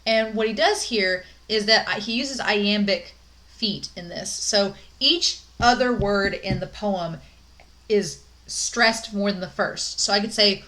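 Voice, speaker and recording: A woman's voice: medium pitch, normal speed, bright, forceful tone. A young woman giving a recorded college English lecture, chatty and upbeat with many "um"s and "like"s.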